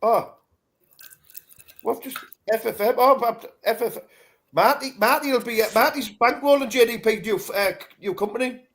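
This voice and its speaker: High-voiced man in laughing banter. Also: normal speed, fairly bright tone. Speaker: co-host. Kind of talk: casual chat.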